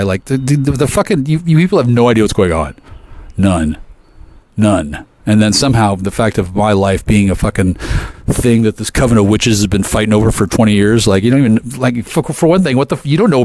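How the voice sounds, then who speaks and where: Man, lowish voice, rambling swear-filled rant to camera, stumbles over his words. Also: a little mellow, no echo. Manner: profane, aggressive, stammering restarts.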